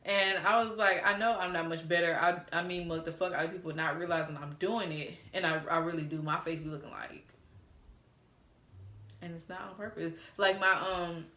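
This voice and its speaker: A young woman chatting through a storytime, candid and quick to curse as she reads old text messages aloud. Her voice sits a little low, and the room around her rings with echo. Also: fairly bright tone. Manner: candid, cussing, chatty with asides to viewers. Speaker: storytime vlogger. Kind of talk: casual storytelling, reading out texts.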